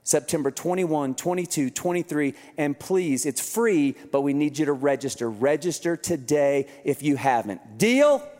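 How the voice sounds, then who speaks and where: A man speaking as a pastor, giving energetic, joking church announcements to a live congregation. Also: on the high side, normal speed, hardly any pauses. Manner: energetic, joking, urging the crowd. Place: large church venue with a live audience. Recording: long reverb of a large hall.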